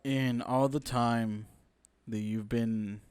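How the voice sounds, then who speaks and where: A man co-hosts a laid-back chat, reading out audience questions. His smooth, middle-pitched voice sounds close and dry, with no room around it. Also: steady tone, takes it slowly, a little mellow, dry recording. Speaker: podcast co-host.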